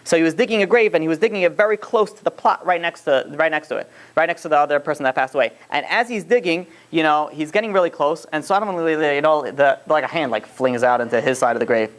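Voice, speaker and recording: A man's voice: a little high, fast. A man teaching a religious lesson in a casual, rambling storytelling way, full of fillers and restarts. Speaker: Torah teacher.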